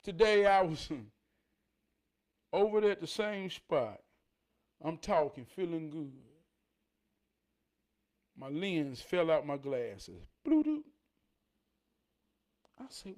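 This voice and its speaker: A motivational vlogger shares a personal story as a life lesson, swinging between loud, animated bursts and low, quiet asides. He speaks slowly and leaves long pauses.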